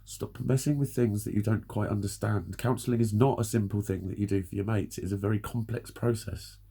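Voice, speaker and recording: Gravelly, raspy man swearing bluntly. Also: on the low side, steady tone, a little fast, dark tone. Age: 40s. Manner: earnest, urgent advice-giving. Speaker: vlogger. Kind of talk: ranting monologue to camera.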